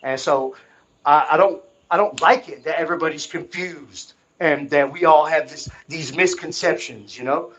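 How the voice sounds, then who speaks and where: A man's voice: fairly high pitch, normal speed, a bit bright, rough recording. A man talking in an unscripted monologue, emphatic and insistent, often repeating himself to drive a point home. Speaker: vlogger.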